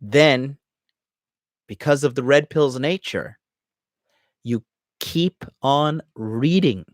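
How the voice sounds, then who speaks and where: A man's voice: mid-range voice, takes it slowly, dry recording, studio quality. A man hosting a dating podcast, talking casually and emphatically to viewers, swearing freely. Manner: profane, emphatic, acts out inner voices.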